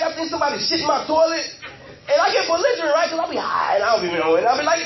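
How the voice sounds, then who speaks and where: A man's voice: very high-pitched, animated, racing, over music. A man doing a profane, loose stand-up set, laughing through his jokes at an open mic. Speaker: stand-up comedian. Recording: echoey lo-fi open mic with crowd.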